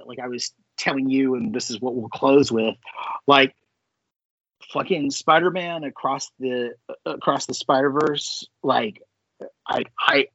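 A man co-hosting a podcast in casual chat, excitable and swearing freely, with lots of fillers. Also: mid-range voice, dry recording. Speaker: podcast co-host. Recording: dull lo-fi sound, dry.

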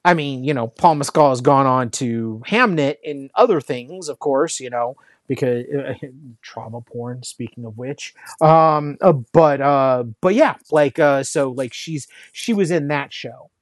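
A man's voice: medium pitch, unhurried, hardly any pauses, no room sound. Male co-host, loose rambling chat, filler-heavy delivery, dry room. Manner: rambling, lots of fillers and restarts. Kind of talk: casual chat.

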